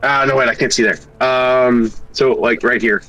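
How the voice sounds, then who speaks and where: A man's voice: medium pitch, fairly even intonation, moderate pace, bright, forceful tone. A man playing a tabletop game, talking hesitantly as he thinks aloud. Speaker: player. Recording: voice a bit far from the mic.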